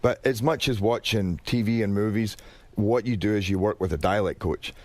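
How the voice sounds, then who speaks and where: A man's voice: fairly low pitch, moderate pace, darkish tone, no room sound. A Scottish actor chatting as an interview guest in a studio, talking animatedly and restarting his sentences often. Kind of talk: casual interview talk. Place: radio studio.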